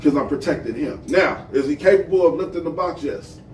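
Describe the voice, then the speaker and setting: A man co-hosting a casual podcast chat, telling stories in an animated way and swearing freely. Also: fairly high pitch, brisk, distant mic. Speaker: podcast co-host. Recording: roomy echo, off-mic, faint hiss.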